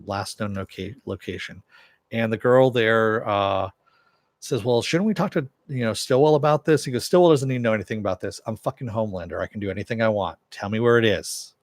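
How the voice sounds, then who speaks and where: A man's voice: on the low side, dry recording. A man casually recapping a TV episode, loosely retelling the dialogue with many "uh" fillers. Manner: loose storytelling, paraphrases dialogue with "he goes"; frequent "uh" fillers. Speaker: TV show reviewer.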